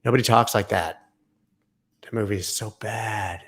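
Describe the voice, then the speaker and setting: A man with a deep, gravelly voice running a casual live stream about market charts. He wanders into sarcastic tangents, swears now and then, and chats back to his viewers. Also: normal speed, fairly bright tone. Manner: rambling and sarcastic, goes off on tangents, swears, talks to chat.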